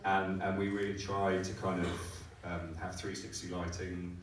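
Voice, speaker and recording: A man's voice: deep voice, level tone, moderate pace. A man answering questions as a film director at a live festival Q&A, rambling with many restarts and growing enthusiastic. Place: cinema or hall at a live screening Q&A. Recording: echoey hall, mic from far off, faint noise.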